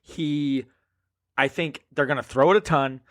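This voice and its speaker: A man's voice: a little high, steady tone, a bit bright. A man co-hosting a casual fantasy football podcast, chatty and analytical as he lays out his picks. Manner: chatty, analytical, quick agreeing interjections. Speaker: podcast co-host.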